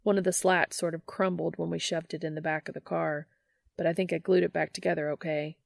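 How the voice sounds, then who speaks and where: A woman's voice: sits low, flat delivery, brisk, creaky, no room sound. A woman reading an audiobook, voicing a cheerful, teasing young man in an easygoing way.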